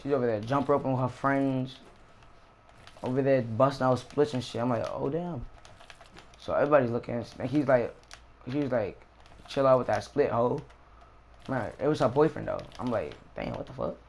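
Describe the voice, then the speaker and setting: A young man casually telling a story about a school fight in slangy, animated street talk with swearing. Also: mid-range voice, normal speed, slight background noise. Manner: slangy, animated retelling with profanity.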